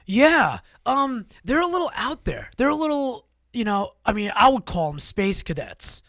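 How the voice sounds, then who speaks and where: A man co-hosting a talk show who tells rambling, animated stories with many restarts. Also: very high voice, normal speed, dry recording, studio quality. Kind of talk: casual storytelling chat.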